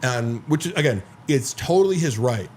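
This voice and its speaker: A man in casual podcast chat, telling a long story and stringing it together with 'like' and curses. His voice sits at an ordinary pitch. A faint noise runs under the recording. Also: lively intonation, normal speed, darkish tone. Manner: rambling storyteller, heavy filler 'like', profane. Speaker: podcast host.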